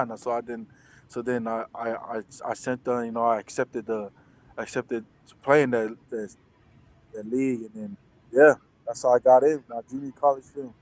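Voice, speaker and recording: A man's voice: medium pitch, fairly even intonation, normal speed, darkish tone, rough recording. A young man, a football player and interview guest, telling a story in casual chat, rambling with many restarts and fillers.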